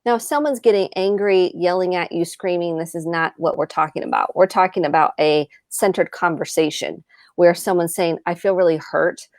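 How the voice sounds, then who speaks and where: Woman therapist, lowish voice, dry close sound, calm explainer on a video call. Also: moderate pace, no room sound. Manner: calm explaining, acts out example dialogue.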